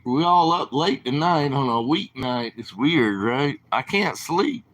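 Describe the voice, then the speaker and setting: A man's voice: medium pitch, expressive, measured pace, fairly bright tone. A man with a southern drawl, rambling casually to viewers on his late-night livestream. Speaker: livestream host.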